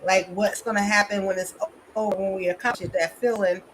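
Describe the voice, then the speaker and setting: A woman's voice: mid-range voice, steady tone, fairly quick, a little hiss or hum. A woman therapist and coach, giving an emphatic, motivational conference talk over a video call. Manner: emphatic, motivational, addresses audience as y'all.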